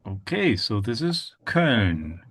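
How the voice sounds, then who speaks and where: A man's voice: on the low side, expressive, no echo. A man teaching an online language lesson, patiently modelling sounds over a video call. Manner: patient, demonstrates sounds slowly. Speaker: German teacher.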